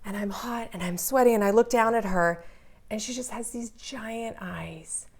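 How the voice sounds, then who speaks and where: A woman's voice: on the high side, normal speed, breathy edge. A woman in her forties, earnestly telling a personal story in an interview and building intensity as she goes.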